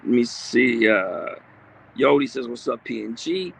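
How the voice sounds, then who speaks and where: A man's voice: medium pitch, measured pace, creaky, slightly rough. A man hosting a livestream, reading viewer comments aloud in a blunt, streetwise, casual way with frequent profanity. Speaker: livestream host.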